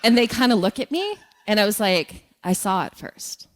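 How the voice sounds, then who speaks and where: A woman giving a spiritual talk to a congregation, telling lively personal stories and asking the audience questions. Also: medium pitch, moderate pace. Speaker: guest speaker.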